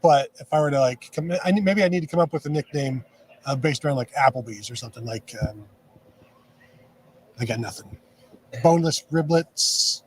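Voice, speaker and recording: A man co-hosting a casual live sports stream, playfully pitching joke nicknames. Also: fairly quick, darkish tone, slight background noise. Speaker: co-host.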